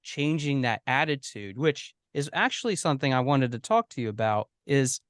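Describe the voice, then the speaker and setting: Smooth-voiced male podcast host. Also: mid-range voice, animated, normal speed, fairly bright tone, no echo, studio quality. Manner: earnest, long winding questions. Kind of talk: interview questions.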